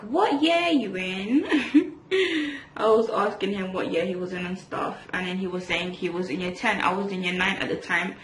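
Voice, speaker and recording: A woman's voice: mid-range voice, fairly bright tone. A young woman from England, telling a rambling storytime while doing her makeup, full of fillers and restarts. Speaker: vlogger. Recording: echoey room with faint hiss.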